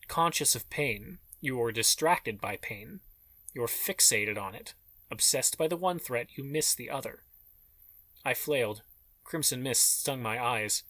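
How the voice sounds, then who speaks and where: Bright-voiced male audiobook narrator. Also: medium pitch, animated, unhurried, dry recording. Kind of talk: scripted narration.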